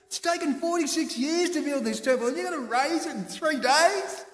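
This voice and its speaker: A man voicing an incredulous man who mocks a claim in loud, high-pitched, laughing disbelief, in an echoey church. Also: animated, normal speed. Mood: scoffing. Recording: echoey church with long reverb.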